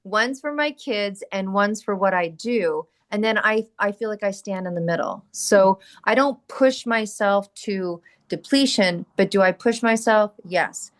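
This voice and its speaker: Middle-aged woman guest, emphatic and candid, mid pitch, conversational interview. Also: unhurried, few pauses. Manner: energetic, emphatic, rhetorical questions and answers. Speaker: podcast guest, entrepreneur.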